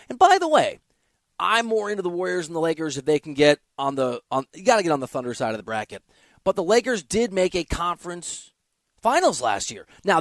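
A man's voice: on the high side, dry recording. A man hosting a sports talk show, giving an emphatic, opinionated monologue with offhand asides.

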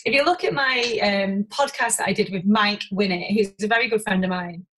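A woman talking frankly as an interview guest. She rushes through her thoughts, tumbling over restarts and casual swearing. Her voice sits in a middle register. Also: medium pitch, low-quality recording. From Warrington, England. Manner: rapid, animated, swears freely, many restarts. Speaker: podcast guest, business owner. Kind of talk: candid conversational interview.

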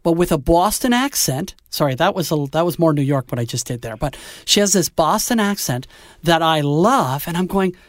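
A man hosting a music radio show, chatting in an animated, joking way. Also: on the high side, a little fast, dry recording. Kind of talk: casual chat.

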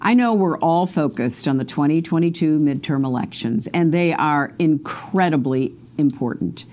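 A woman's voice: low voice, moderate pace, darkish tone. A woman politician giving a prepared video address in an earnest, urgent manner.

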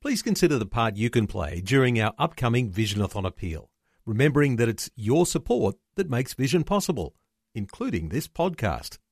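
Lively Australian man reading a promo. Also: medium pitch, brisk, breathy edge, no echo, studio quality. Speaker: station chief executive. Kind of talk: scripted promo read.

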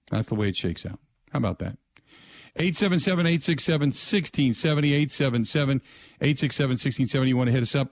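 A man's voice: mid-range voice, no echo. An older man hosting a sports talk radio show, talking in a loose, rambling, conversational way and repeating the call-in number. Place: radio studio. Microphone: close studio mic.

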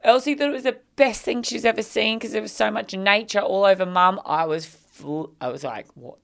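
A woman, a podcast co-host, telling a story in casual chat, animated and acting out quotes. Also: medium pitch, normal speed, creaky. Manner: animated, acts out quotes, swears freely.

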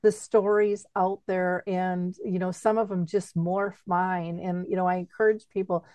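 A woman hosting an interview, talking in an animated, chatty way and laughing easily. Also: fairly low pitch, a little slow, dry recording. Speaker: host. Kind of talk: interview conversation.

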